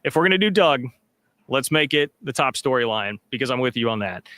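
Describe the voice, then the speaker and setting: Bright, upbeat male sports podcast host. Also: medium pitch, animated, fairly quick, no room sound. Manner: upbeat, filler-heavy, reads sponsor plug. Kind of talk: casual sports chat.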